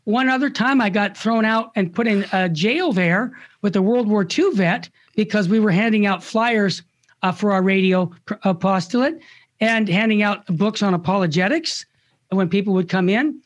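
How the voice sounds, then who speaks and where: An older man, a Catholic radio founder, telling stories with passion in an animated interview and acting out the people he quotes. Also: sits high, normal speed, highs cut off. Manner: impassioned, acts out quoted voices.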